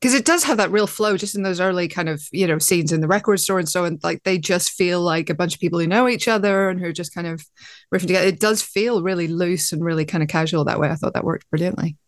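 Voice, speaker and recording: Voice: mid-range voice, fast talker, dry recording. Brief: interviewer, encouraging, close and dry sound. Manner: affirming, hedging with fillers. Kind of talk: interview questions.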